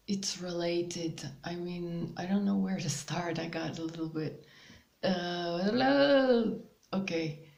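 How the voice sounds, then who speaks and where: Slow, gravelly-voiced woman spiritual host. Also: lowish voice, reverberant. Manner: slow, hesitant, with many ums and soft laughs. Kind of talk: casual spiritual guidance monologue.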